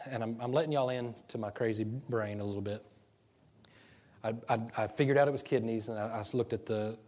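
A man, a pastor telling a personal story from the pulpit in an animated, self-deprecating way. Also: mid-range voice. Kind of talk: sermon storytelling.

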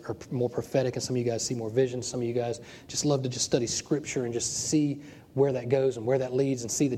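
Male pastor, earnest and emotional, warm low-key tone, faint room noise behind. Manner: earnest, emotional, repeats words. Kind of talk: sermon and closing prayer. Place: small church.

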